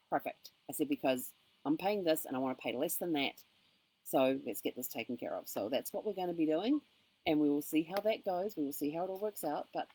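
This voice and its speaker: Husky woman retelling a phone call. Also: sits low. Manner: animated retelling with quoted dialogue. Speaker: vlogger. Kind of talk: casual storytelling vlog. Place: campground.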